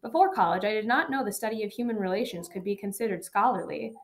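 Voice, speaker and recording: A woman reading a first-person memoir aloud as an audiobook narrator, steady and even. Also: mid-range voice, fast talker.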